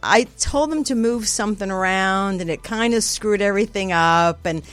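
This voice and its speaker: A woman hosting a podcast in a casual chat, talking with a slightly gravelly voice, laughing easily and poking fun at herself. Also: medium pitch, normal speed, soft background music. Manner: chatty, laughing, self-deprecating. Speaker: podcast host.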